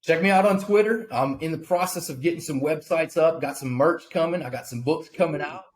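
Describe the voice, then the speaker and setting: An impassioned man talks as a podcast guest, preaching faith and determination with a fervent, sermon-like drive. His voice sits a little higher than most men's. He doubles back on his words as he gets fired up. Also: fairly quick. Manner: impassioned, preachy, repeats himself. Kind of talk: fervent faith-based motivational talk.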